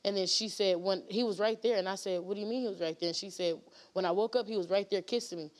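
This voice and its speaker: A woman's voice: medium pitch, fast. Rambling woman guest, full of fillers. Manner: rambling, many fillers and restarts. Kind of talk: emotional storytelling on a talk show.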